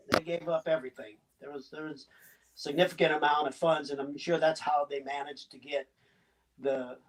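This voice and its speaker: A Cuban-born man in his sixties with a slight Southern US accent, telling his story as a guest in a casual interview, halting and chuckling as he goes. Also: on the high side. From Cuba. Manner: halting, chuckling, many restarts. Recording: distant mic.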